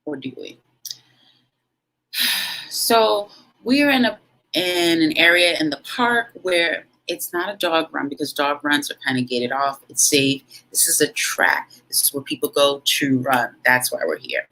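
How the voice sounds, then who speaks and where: Speaking casually to camera, a young adult woman vlogger tells a story frankly and animatedly, using dramatic pauses and asides to her viewers. Her voice is deep, and the audio quality is poor.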